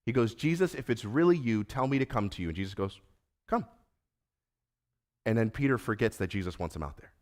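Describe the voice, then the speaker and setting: A man's voice: fairly low pitch, quick pace, hardly any pauses. A man preaching a sermon as pastor, conversational and earnest, building to emphatic repeated lines. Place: church sanctuary.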